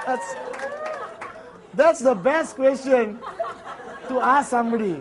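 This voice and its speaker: A man's voice: extremely high pitch, lively intonation, a little slow, long pauses, crowd noise, background noise. A man with a Malaysian English accent giving a motivational network marketing seminar, acting out little dialogues and often laughing.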